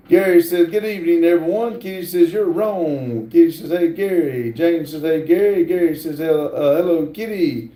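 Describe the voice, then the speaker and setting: A man hosting a casual livestream, reading viewer comments aloud in a halting drawl from a garage workshop. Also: fairly high pitch, dark tone, reverberant, rough recording. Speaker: livestream host reading chat.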